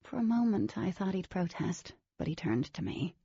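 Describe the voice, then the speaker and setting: A woman's voice: fairly low pitch, big pitch swings, normal speed, dark tone, breathy edge, no room sound, muffled recording, full character voice. A woman narrating a novel as a wary teenage girl, in scripted audiobook style.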